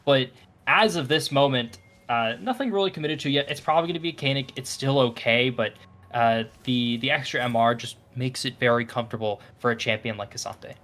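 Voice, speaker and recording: A man giving relaxed, analytical commentary on a live esports match, thinking aloud with frequent fillers and restarts. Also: medium pitch, fairly quick. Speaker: esports caster. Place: broadcast booth.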